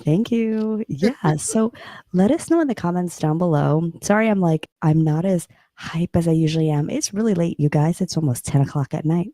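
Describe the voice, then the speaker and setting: A co-host in a casual reaction chat, speaking softly and keeping the voice down. The tone is mellow and warm, recorded close and dry. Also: mid-range voice, expressive, moderate pace, dry recording.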